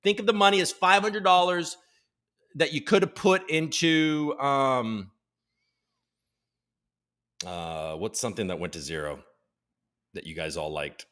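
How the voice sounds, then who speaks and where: A man hosting a casual livestream chat, energetic and joking, swearing freely as he greets chatters by name. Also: medium pitch, unhurried, long pauses. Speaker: livestream host.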